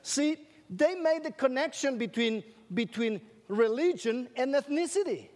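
High-voiced male preacher in echoing hall. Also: lively intonation, a little slow, a little mellow. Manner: stretches out scripture phrases for emphasis; asks the audience questions and tells jokes. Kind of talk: sermon. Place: large hall with an audience. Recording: long reverb of a large hall.

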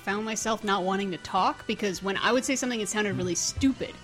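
A woman's voice: medium pitch, quick pace, a bit bright, faint music behind. An American woman co-hosting a podcast, telling a story in casual talk. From United States. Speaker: podcast co-host.

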